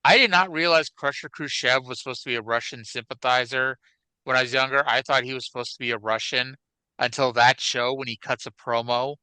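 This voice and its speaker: A man's voice: medium pitch, steady tone, fairly quick, bright, forceful tone, smooth, dry recording. A man co-hosting a wrestling podcast in casual, chatty, self-deprecating talk. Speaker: podcast co-host. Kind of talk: casual chat.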